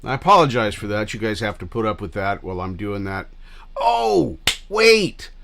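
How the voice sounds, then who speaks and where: A man's voice: on the low side, quick pace, a bit bright, a little hiss or hum. Rambling, cussing livestream host, a man. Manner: rambling and scattered, loose with profanity. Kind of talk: casual rambling chat with viewers.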